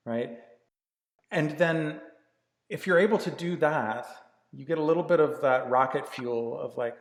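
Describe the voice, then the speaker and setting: A man's voice: fairly high pitch, measured pace. A man who works as a life coach gives a candid, earnest motivational talk, swearing freely and often restarting his sentences. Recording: echoey room with long reverb.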